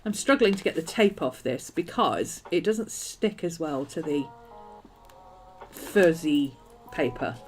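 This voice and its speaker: A woman's voice: low voice, expressive, takes it slowly, soft background music. A woman hosting a planning and journaling video, chatting casually and rambling as she works. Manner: chatty, rambling, self-amused. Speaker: planner and journaling channel host. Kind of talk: casual crafting chat.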